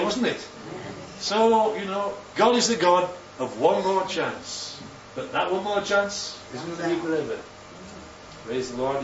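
A man's voice: sits high, slight background noise. Male preacher in an echoing hall. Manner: animated, rhetorical questions, swoops up for emphasis. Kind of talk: sermon. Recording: roomy, distant, dull sound with faint ambience.

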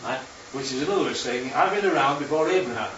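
A man's voice: mid-range voice, expressive, quick pace, background noise. Man teaching Bible class, roomy and distant. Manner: chatty, checks in with listeners often. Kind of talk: informal Bible teaching with slides. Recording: roomy, distant, muffled hall recording.

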